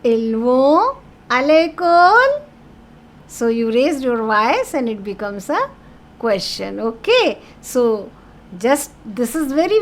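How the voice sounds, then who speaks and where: A woman teaching a French lesson in English, explaining patiently and repeating key words with French phrases mixed in. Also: on the high side.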